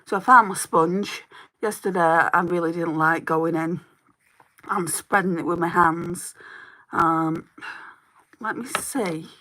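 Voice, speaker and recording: A woman in her forties with a Lancashire accent, chatting through a live makeup tutorial and answering viewer comments, her throat a little hoarse. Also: fairly low pitch, slow, long pauses, pushed and bright. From Northwest England. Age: 40s. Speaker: makeup livestreamer.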